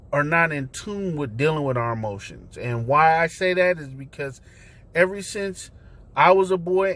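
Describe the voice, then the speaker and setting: A man talking straight into the camera from his car, his voice sitting a little high for a man. He is loose and conversational, with plenty of slang and fillers, and sounds preachy when he drives his point home. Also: a bit bright. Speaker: host. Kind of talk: casual talk vlog. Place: inside a parked car.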